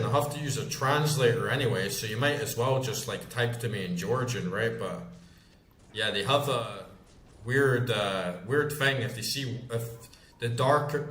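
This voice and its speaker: A Scottish gaming streamer in his thirties chats casually while playing, rambling through stories and swearing freely. His medium-pitched voice is fairly bright, heard in a roomy space.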